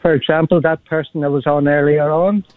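A man phones in to a radio show over a thin, tinny line with no room sound. He speaks haltingly, giggling nervously between blunt jabs. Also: fairly high pitch, steady tone, dry recording. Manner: hesitant, giggly, blunt criticism. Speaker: caller. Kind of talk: phone-in call. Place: in bed.

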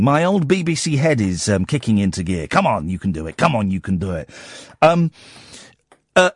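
A man's voice: a little high, dry recording, studio quality. A man in his forties from Yorkshire with a Yorkshire accent, hosting a radio show with sardonic, self-mocking chat about the news. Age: 40s. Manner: sardonic, self-mocking, reads news items then riffs on them. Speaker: radio host. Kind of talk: casual radio monologue.

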